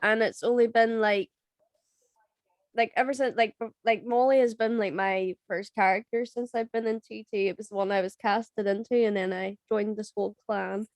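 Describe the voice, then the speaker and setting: Excitable woman gushing about her role. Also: medium pitch, moderate pace, no room sound. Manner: excitable, emotional, peppered with "like". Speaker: lead actress guest. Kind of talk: casual podcast chat.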